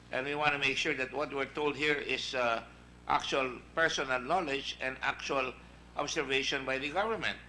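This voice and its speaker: A man's voice: mid-range voice, pushed and bright, a little hiss or hum, poor audio. A man with a Filipino accent chairing a senate hearing, questioning witnesses emphatically and wandering into asides. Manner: emphatic, digressive, reads out past exchanges.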